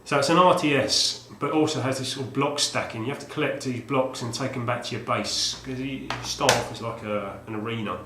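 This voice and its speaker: A man chats casually on video, trailing off and restarting his sentences as he goes. His voice sits at a middling pitch. A roomy echo surrounds him, with a faint hum behind. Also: brisk, hardly any pauses, pushed and bright. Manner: rambling, with many fillers and restarts. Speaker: retro game collector vlogger.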